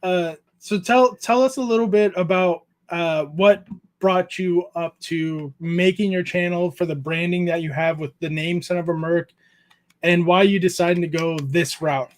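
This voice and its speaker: A man in his thirties with a fairly high voice hosts a casual creator chat. He talks in a laid-back way, swears freely and laughs often as he tells stories about home. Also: fairly even intonation, unhurried. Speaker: podcast host interviewing a YouTuber.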